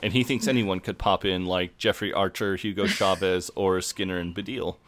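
A man with a fairly low voice talks through an episode in easy podcast chat. He quotes characters' lines in a dry, offhand way. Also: steady tone, moderate pace, a bit bright. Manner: recounts scenes, quoting lines dryly. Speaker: podcast co-host. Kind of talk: casual recap chat.

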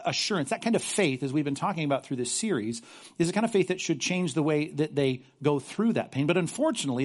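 A man preaching a sermon and reading scripture aloud, earnest, often repeating words as he stresses a point. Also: fairly high pitch. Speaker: pastor.

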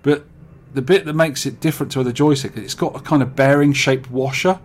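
Offhand English man, mid-pitched. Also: steady tone, a little fast, a little hiss or hum. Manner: rambling, dry, offhand, restarts often. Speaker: podcast co-host. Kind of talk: casual chat about arcade hardware.

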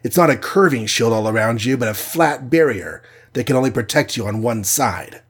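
A man's voice: mid-range voice, animated, moderate pace, slightly rough. A man reading aloud and voicing an armored male hero who speaks in a grating, mocking way. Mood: cool.

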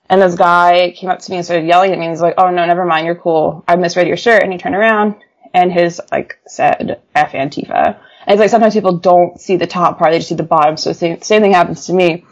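A woman journalist telling stories casually in an interview, animated, with frequent laughs and fillers. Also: on the low side, fast, highs cut off. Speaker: journalist guest.

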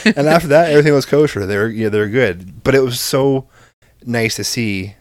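A man's voice: mid-range voice, moderate pace, no echo, clean studio sound. A man casually telling a story about his child, acting out the dialogue and swearing freely. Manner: animated, acts out both sides of dialogue, swears freely.

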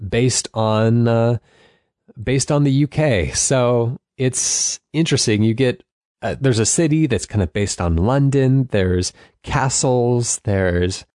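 A man chatting casually as a podcast co-host, rambling a little and laughing softly. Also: mid-range voice, takes it slowly, no room sound, studio quality. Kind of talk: casual chat.

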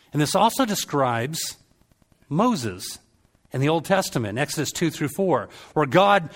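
A middle-aged man preaching a sermon, telling stories and acting out quoted voices with lively energy. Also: fairly high pitch.

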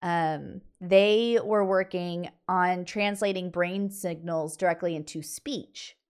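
A woman's voice: lowish voice, fairly even intonation, takes it slowly, a little mellow, smooth. Woman cohost on a chatty podcast, asks questions, lots of "right". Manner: asks questions, short agreeing replies. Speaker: podcast co-host. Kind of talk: casual chat.

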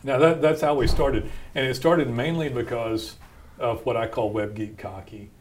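A man's voice: mid-range voice, fairly even intonation, normal speed, a little hiss or hum. A man, hosting a podcast and telling stories about founding his company in a blunt, folksy way, laughing often. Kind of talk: casual storytelling chat.

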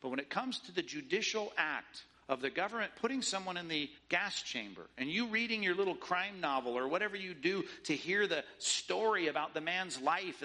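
A man's voice: a little high, sharp tone. A man preaching a sermon in an emphatic, rhetorical way, often mimicking the views he argues against. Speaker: pastor.

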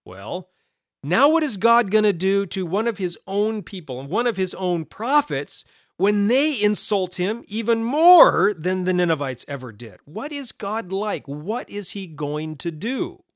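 Male podcast Bible teacher, slightly high, dry studio sound, animated and emphatic, conversational. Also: unhurried, dry recording. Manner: animated, emphatic with repeated stresses and brief laughs; restarts and fillers, conversational asides.

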